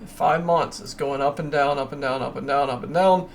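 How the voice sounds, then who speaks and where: This crypto channel host shares his screen for a casual chart walkthrough, speaking emphatically and going off on ranting tangents. His voice runs on the high side with vocal fry, a steady tone and normal speed, plus a touch of hiss or hum.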